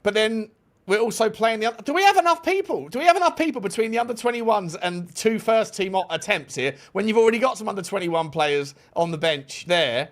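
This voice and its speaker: A man's voice: high voice, animated, a little fast. Exasperated man hosting a fan show. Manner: exasperated, swearing, joking. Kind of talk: casual chat.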